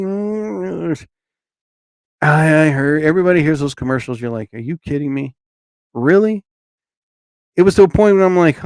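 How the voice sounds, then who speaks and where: A man's voice: high-pitched, animated, unhurried, smooth, no room sound. A man hosting a casual live stream, rambling and talking to chat viewers by name.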